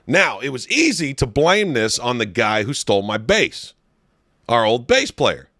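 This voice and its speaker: A young man telling crude stories on a comedy podcast, his voice swinging up and down in pitch as he goes. The tone is bright and forward. He cusses freely and laughs at his own jokes, recorded close on a dry studio mic. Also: measured pace, no echo. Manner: animated storyteller, swears a lot, breaks into laughs. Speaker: podcast co-host.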